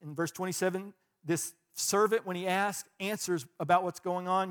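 Male pastor, slightly high voice, emphatic sermon delivery with loud and quiet swings. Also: normal speed. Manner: repeats words for emphasis.

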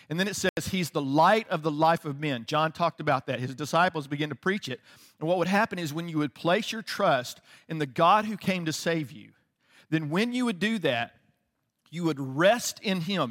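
A man's voice: a little high, a bit bright. A man in his fifties preaching a casual, conversational sermon as a pastor, laughing often and asking "right?" after his points. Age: 50s. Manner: conversational, laughing, frequent tag questions.

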